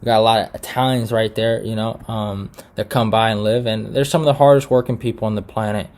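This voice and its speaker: Young man, from Eritrea, casual fight recap host, frustrated, animated, profane, filler-heavy. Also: lowish voice, brisk. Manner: frustrated, animated, swears a lot, many fillers and restarts. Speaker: MMA prediction channel host.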